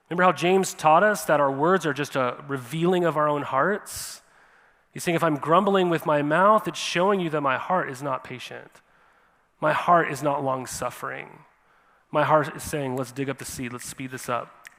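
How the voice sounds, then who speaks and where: Male pastor, sermon delivery, voice a touch high, long church reverb. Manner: animated, repeats "right?" to the congregation. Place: church sanctuary.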